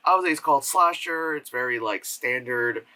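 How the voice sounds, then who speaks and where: A man's voice: medium pitch, normal speed, bright, forceful tone, low-quality recording. A man giving a casual spoken film review from home, rambling with lots of fillers and acting out quotes in mocking voices. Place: home room with air purifier hum.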